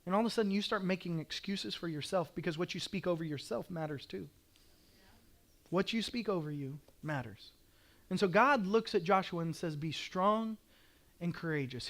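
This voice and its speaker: A middle-aged man preaching from the pulpit with a fairly high, ringing voice. He builds his points through emphatic repetition and passionate declarations, then drops low to drive them home. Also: fairly quick, fairly bright tone. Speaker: pastor. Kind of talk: sermon.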